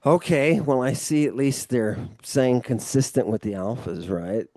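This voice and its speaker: An Ancient Greek tutor gives a relaxed, explanatory one-on-one language lesson, going through each point and checking in with a quick "right?" His manner is loose, with mild swearing. His warm, mellow voice is medium-pitched, and the recording is close and dry.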